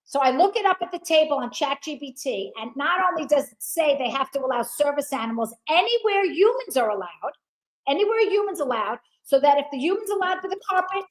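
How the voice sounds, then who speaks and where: A guest with a high voice tells a story fairly quickly in a casual chat, captured on a low-quality recording. She's animated, acting out other people's lines and swearing freely.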